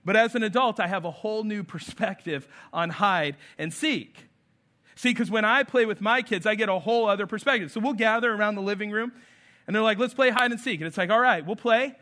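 A man in his thirties preaches a sermon in a storytelling way, acting out little scenes as he goes. His voice sits high for a man and has a bright, clear edge to it. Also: fairly quick. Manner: storytelling, animated, acts out voices. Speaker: pastor.

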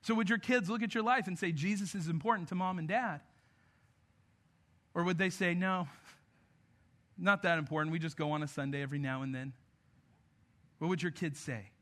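A man preaching a sermon to parents, earnest, moving between emphatic lines and soft, intimate passages. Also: sits high, steady tone, normal speed, long pauses. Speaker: pastor.

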